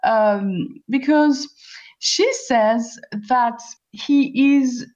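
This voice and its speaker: A woman teaching an online class, asking questions patiently and spelling words out slowly. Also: high voice, darkish tone. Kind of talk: online class explaining a play. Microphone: computer voice call. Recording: lo-fi voice-call audio.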